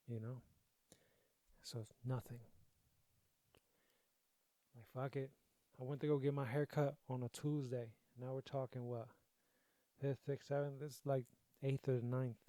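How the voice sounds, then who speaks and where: Podcast host, young man, loose profane storytelling, emotional, warm low-key voice, dry mic. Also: no room sound. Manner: profane, conversational, repeats himself. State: grieving, emotional. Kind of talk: casual storytelling.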